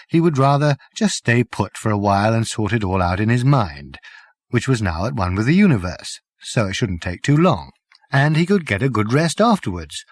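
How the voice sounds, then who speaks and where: A man narrating an audiobook with expressive storytelling. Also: mid-range voice, dry recording.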